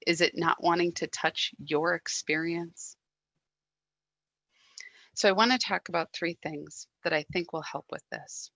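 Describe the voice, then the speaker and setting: A woman giving a reflective sermon, speaking gently with soft pauses and quiet moments. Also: on the low side, fairly even intonation, vocal fry, no room sound. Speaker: guest speaker at a church service.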